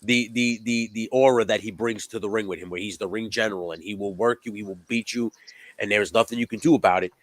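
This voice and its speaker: A man's voice: on the low side, fairly even intonation, fast, no room sound. A man co-hosting a live podcast, talking casually about wrestling in a rambling, emphatic way, with frequent swearing. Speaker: podcast co-host.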